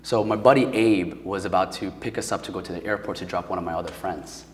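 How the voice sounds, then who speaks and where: Recorded in a large hall with a faint hiss or hum, this podcast guest from Paterson, New Jersey has a low, steady voice and talks fast. His personal story comes out casual and emotional, packed with fillers like "like" and "um."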